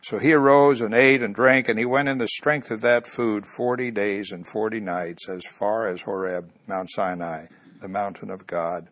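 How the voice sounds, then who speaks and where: A man's voice: on the low side, steady tone, moderate pace, fairly bright tone. A man preaching a sermon, earnest, bringing the story's voices to life as he goes.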